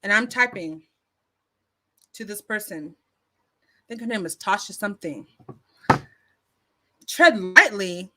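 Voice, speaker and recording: A woman's voice: medium pitch, normal speed, pauses often, sharp tone, a little hiss or hum. A woman vlogger telling a story casually into her phone, chatty, with lots of fillers and restarts. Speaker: YouTube commentary vlogger.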